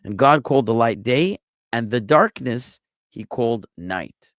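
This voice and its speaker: A rabbi giving an online Bible Hebrew lesson, explaining step by step in a patient way with small jokes. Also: male voice, mid-range voice, lively intonation, measured pace, fairly bright tone, no room sound, studio quality. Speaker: rabbi teaching a Hebrew class.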